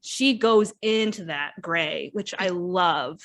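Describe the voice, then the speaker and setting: A woman's voice: on the low side, slow, a crowd in the background. Chatty woman hosting a book podcast. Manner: chatty, often acts out characters' lines. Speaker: podcast host reviewing books. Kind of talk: casual book review chat.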